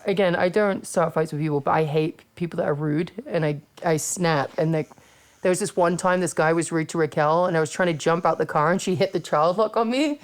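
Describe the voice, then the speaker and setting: A woman in her thirties hosting a podcast, telling wild stories in casual, profane chat and acting out shouted quotes. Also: fairly low pitch, brisk. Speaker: podcast host.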